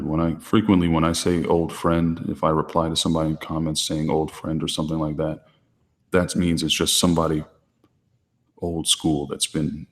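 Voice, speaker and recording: A man hosting his channel, answering viewer questions in a calm, deliberately quiet, restrained way. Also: a bass voice, long reverb tail. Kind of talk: low-key livestream chat.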